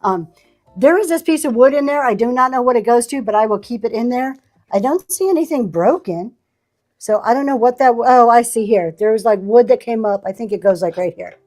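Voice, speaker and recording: In a slightly fast, expressive delivery, a woman with a somewhat high, darkish voice hosts a live auction stream. She displays vintage items, thanks buyers by name and keeps the chat casual over faint music.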